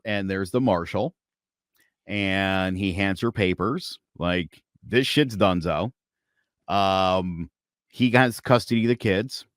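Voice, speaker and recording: A man's voice: clear, resonant tone, no room sound, clean studio sound. A man guest on a podcast, telling a personal story in casual chat, swearing now and then and acting out the other people's lines. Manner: animated storyteller acting out quotes with big pitch swings.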